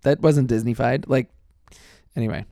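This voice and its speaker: Gravelly man rambling in chat. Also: medium pitch, steady tone, normal speed, warm tone, no echo, clean studio sound. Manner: rambling, restarts often, enthusiastic. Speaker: podcast co-host. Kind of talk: casual chat.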